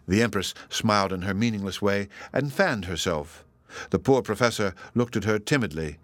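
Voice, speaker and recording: A man narrating a story in a measured audiobook reading. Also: dry recording. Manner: measured storytelling with lively pitch.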